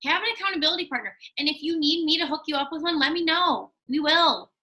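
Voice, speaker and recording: A woman's voice: high voice, quick pace, sharp tone, low-quality recording. A woman leading her sales team in an emphatic motivational talk, repeating her key points. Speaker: team leader of a sales business.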